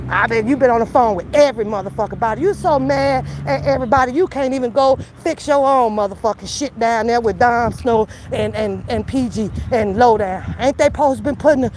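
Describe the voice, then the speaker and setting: High-voiced woman ranting, profane and blunt. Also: slight background noise. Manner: profane, confrontational, taunting; slows into calmer lecturing. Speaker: YouTube commentator. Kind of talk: angry call-out rant to camera.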